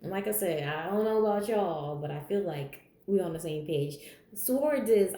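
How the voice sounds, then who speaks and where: A woman's voice: on the low side, a little slow, few pauses, mellow, roomy sound. A woman giving a general tarot reading in a blunt, candid, chatty way, swearing freely and laughing as she talks. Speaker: tarot reader.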